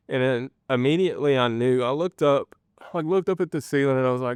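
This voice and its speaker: A man telling his personal faith testimony in an interview, earnest and halting, with many pauses and restarts. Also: medium pitch, clean tone, no room sound, studio quality. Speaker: guest sharing a personal testimony.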